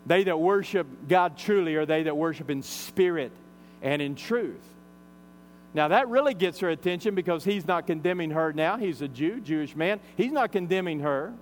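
A man preaches in a slightly high voice. He retells a scripture story in a loose, conversational way, with frequent fillers. A faint mains hum sits under the recording. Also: expressive, moderate pace. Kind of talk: sermon retelling a Bible story.

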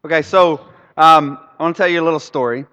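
Male pastor, conversational sermon storytelling, slightly high voice, echoey church hall, dull sound. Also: steady tone, fast, bright, forceful tone, slight background noise. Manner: conversational storytelling, asks the congregation questions.

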